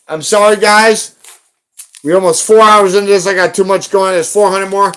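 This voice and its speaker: A man with a fairly high voice scolds someone on his live stream. He sounds bright and forceful, and he swears heavily and confronts the person head on. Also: fairly even intonation, moderate pace, clean tone. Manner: heated, profane, confrontational. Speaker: livestreamer hunting for rare banknotes.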